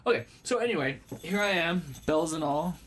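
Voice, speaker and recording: A man's voice: fairly high pitch, lively intonation, moderate pace, fairly bright tone, a little hiss or hum. A man hosting a casual live stream from a small room at home. He rambles in a playful way, answers viewer comments and jokes about himself. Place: small room at home with a red wall and lava lamps.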